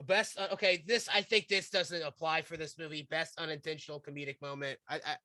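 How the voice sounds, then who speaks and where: Guy hosting a chatty movie podcast, slightly high bright voice, keeps going "i think, i think". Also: fairly even intonation, fairly quick, no echo, clean studio sound. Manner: hedging, repeats "I think". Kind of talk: casual chat.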